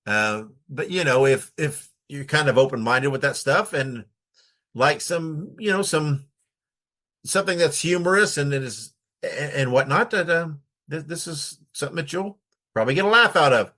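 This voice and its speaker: A man co-hosting a podcast, talking casually in halting stretches full of fillers. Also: a little high, expressive, pushed and bright. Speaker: podcast co-host.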